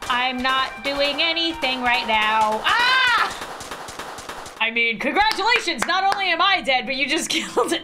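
A young adult woman giving let's play commentary, excitable, yelping and chatting to the characters in her game. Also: high voice, normal speed, few pauses, loud music behind the voice. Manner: excitable, yelps and laughs, chats to game characters. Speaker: gaming video creator.

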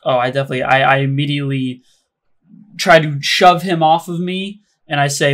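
A man playing a tabletop game, talking in a casual, quick way. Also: fairly high pitch, level tone, fairly bright tone. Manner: casual, quick, says like and dude. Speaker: player.

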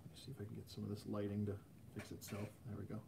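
A man's voice: on the low side, monotone, racing, gravelly, background noise. A man casually chatting on a live stream about custom action figures, rambling with plenty of fillers. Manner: rambling, filler-heavy, easygoing.

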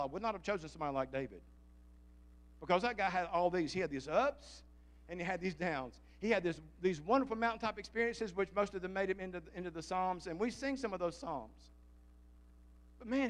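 A man preaching a fervent sermon as pastor, calling out to the congregation for responses. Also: sits high. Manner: fervent, calls for audience response.

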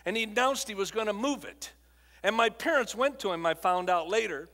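A man's voice: high voice, animated, normal speed. Older man preaching with dramatic swings. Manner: dramatic storytelling, swings from hushed to loud. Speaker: guest speaker. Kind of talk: emotional testimony sermon. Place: church auditorium. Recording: long hall reverb.

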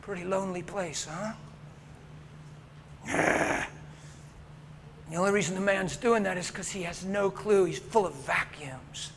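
A man preaching a sermon as he tells a story, dropping to a hush and rising to a shout. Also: high voice, measured pace, pauses often, background noise.

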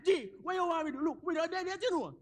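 An actor, playing a frustrated, hot-tempered old husband in a stage comedy. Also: male voice, extremely high pitch, animated, fast talker. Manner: wheedling, then blustering.

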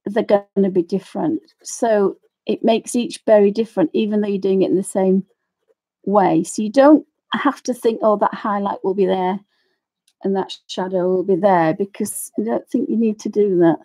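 A woman's voice: medium pitch, fairly even intonation, moderate pace, warm tone. A middle-aged woman chatting and rambling while demonstrating colouring, often apologising for her tangents. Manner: rambling, apologetic, ranting asides. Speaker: craft tutorial host.

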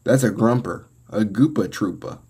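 An American man hosting a reaction video, talking casually and getting excitable as he comments and laughs along. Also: on the low side, normal speed, very noisy. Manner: excitable, laughs and exclaims often.

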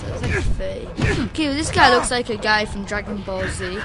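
A woman's voice: high voice, animated, normal speed, loud music behind the voice. A woman giving loose gameplay commentary, mocking the characters with frequent laughter and sudden outbursts. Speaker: let's play gamer.

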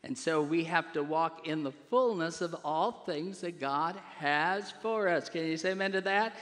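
A male pastor preaching a sermon, putting questions to the congregation and swelling louder on key phrases. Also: on the high side, normal speed, few pauses. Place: church sanctuary. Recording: long hall reverb.

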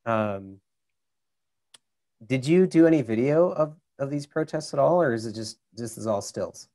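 A man with a Minnesota accent talks over a video call, explaining camera menus in a loose, chatty way. His pitch sits in the everyday middle for a man, and he strings steps together with "like" and "you know.". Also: animated, unhurried, mellow. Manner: chatty, explains step by step with many fillers. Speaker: camera expert.

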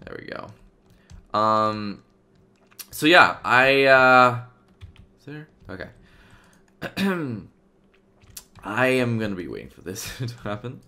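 A man's voice: mid-range voice, big pitch swings, takes it slowly, pauses often, pushed and bright. A man giving casual let's-play commentary as a gaming YouTuber, chatty and rambling as he plays. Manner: rambling, chatty, many fillers and restarts.

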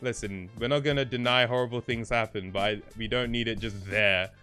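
A man's voice: medium pitch, steady tone, fairly quick, pushed and bright, faint music behind. A man streaming casually, joking and laughing about his own voice acting.

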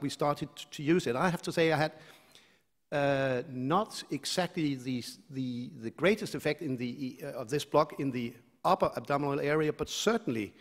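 A man from Denmark with a Danish accent giving a conference lecture, hesitant with many fillers and restarts, with a light self-mocking humor. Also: mid-range voice. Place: lecture hall. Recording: reverberant lecture hall.

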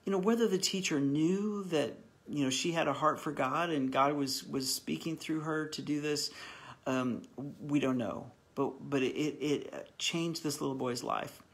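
A pastor leading a live online Bible study in an earnest, encouraging, heartfelt way, often stopping and restarting his sentences. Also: fairly high pitch. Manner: halting with frequent restarts.

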